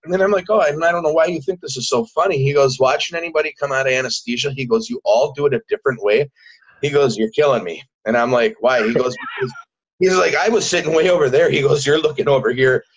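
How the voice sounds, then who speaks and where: Halting man telling his story, lo-fi. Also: mid-range voice, breathy edge. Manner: halting, repeats words, acts out quotes. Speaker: podcast guest. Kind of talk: casual storytelling in an interview. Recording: dull lo-fi recording.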